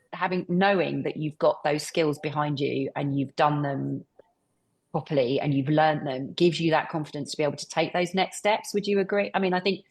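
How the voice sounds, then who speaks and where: Woman panel host, low husky gravelly voice, encouraging, thinks aloud. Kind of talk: panel discussion.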